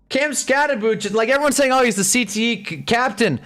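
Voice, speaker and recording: A man's voice: very high voice, fairly quick, few pauses, bright, forceful tone, soft background music. A man giving frustrated, profane commentary while watching a game live on a stream. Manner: swears a lot, frustrated fan reactions.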